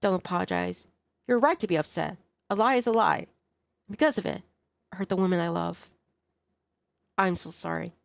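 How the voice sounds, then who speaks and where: A woman voicing an earnest young man who apologizes to the woman he loves, read softly from a dating game. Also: fairly low pitch, moderate pace, vocal fry, long pauses, no room sound. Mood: remorseful. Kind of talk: reading a dating game aloud.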